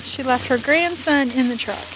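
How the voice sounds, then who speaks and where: A woman's voice: high-pitched, normal speed, background noise. A woman vlogging on her porch, telling a story in a chatty, rambling way with fillers and sighs. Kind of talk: casual storytelling vlog. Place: home porch, outdoors.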